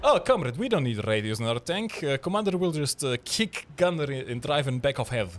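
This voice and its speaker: A man voicing a gruff Russian tank soldier in a mock Russian accent, with broken, blustering English. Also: medium pitch, very animated, fairly quick, slight background noise, close to an everyday voice.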